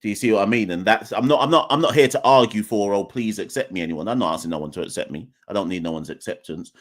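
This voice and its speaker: A young man with an English accent hosting a live call-in podcast, talking off the cuff. His voice sits fairly low, and he rambles, restarts and corrects himself as he thinks aloud. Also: fast talker. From Jamaica. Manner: rambling, self-correcting, conversational. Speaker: podcast host.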